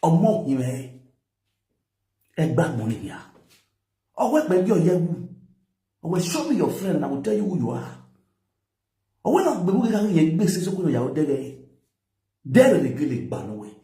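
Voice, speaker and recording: A man with a Nigerian accent lectures and scolds, his fairly high voice swooping up and down. The tone is mellow and dark. The echo of a bare room hangs around his words. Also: big pitch swings, moderate pace, pauses often. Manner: lecturing, mixing pidgin and local language. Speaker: social media commentator. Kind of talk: scolding commentary.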